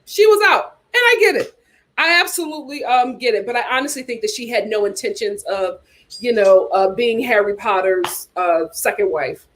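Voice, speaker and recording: A woman hosting a reality TV commentary livestream, sassy and animated, reading viewer super chats aloud. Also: medium pitch, normal speed, slight background noise.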